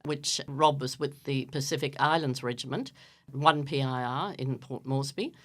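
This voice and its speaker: A woman's voice: a bass voice, normal speed. Chatty Irish-born woman in her seventies. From Ireland. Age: 70s. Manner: chatty, self-deprecating, many fillers. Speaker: radio show host, interviewed here. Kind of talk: casual radio chat. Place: radio studio.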